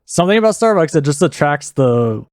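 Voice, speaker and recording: A man's voice: fairly high pitch, big pitch swings, fairly quick, darkish tone, dry recording, studio quality. A man co-hosting a podcast, telling stories in casual chat and laughing often. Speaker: podcast co-host.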